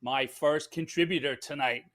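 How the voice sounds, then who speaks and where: A man's voice: a little high, moderate pace, a bit bright. A man hosting a casual podcast, upbeat and chatty with plenty of fillers. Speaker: podcast host.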